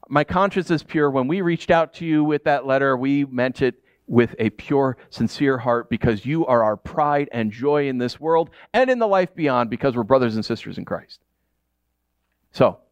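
A man in his thirties from upstate New York preaching a sermon, telling personal stories with lively, acted-out reactions. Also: medium pitch, no room sound. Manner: animated storytelling, acts out shouted reactions. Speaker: pastor.

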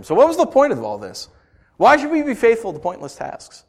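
A man delivers a sermon in a relaxed, talkative way, breaking off for playful asides to his listeners. His voice sits slightly high and moves through a wide, expressive pitch range. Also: moderate pace. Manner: animated, conversational, playful asides. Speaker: pastor.

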